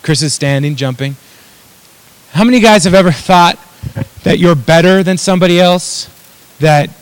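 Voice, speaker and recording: A man's voice: a little high, clear, resonant tone, dry recording, poor audio. A man preaching a sermon in a conversational, self-deprecating way, with asides to his audience. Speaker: pastor.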